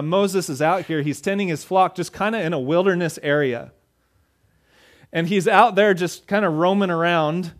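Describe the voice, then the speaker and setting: Pastor, male, slightly high voice, casual sermon delivery, acts out the dialogue. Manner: conversational preaching, acts out dialogue.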